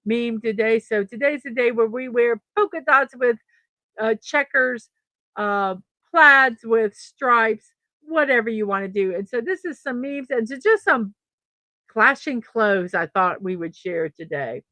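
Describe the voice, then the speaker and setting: A woman's voice: a little high, unhurried, bright, forceful tone, no echo. Chatty woman hosting a morning show. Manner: chatty, laughs often, stumbles over names. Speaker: host of a daily morning show. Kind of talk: casual chat reading birthdays and memes.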